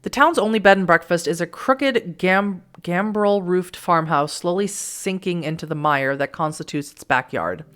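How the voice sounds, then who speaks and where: A woman's voice: fairly low pitch, normal speed, few pauses, fairly bright tone. A woman from Massachusetts hosting a let's play, reading a text game aloud with chatty asides and frequent laughs.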